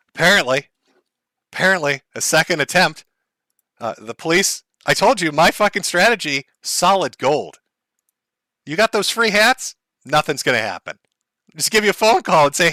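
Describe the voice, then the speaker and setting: Streamer host, male: bright, animated delivery, dry close sound, crude sarcastic rant. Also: fairly high pitch, normal speed, no room sound. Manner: sarcastic, crude, mock-panicked asides. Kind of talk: mocking livestream rant.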